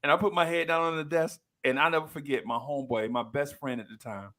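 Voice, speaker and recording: A man in his fifties co-hosts a casual podcast, spinning a story with big energy. His voice sits a little high, and he jumps into other people's voices as he retells what they said. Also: fast talker. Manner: animated storyteller, acts out quoted people in a raised voice. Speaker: podcast co-host. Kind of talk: casual chat.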